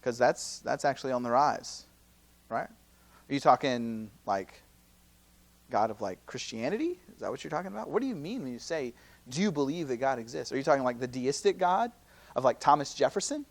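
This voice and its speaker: A campus minister in his thirties giving a conversational teaching talk at a youth seminar, full of rhetorical questions and quick acted-out quotes. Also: mid-range voice, creaky. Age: 30s. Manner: acts out quoted speakers in lively asides.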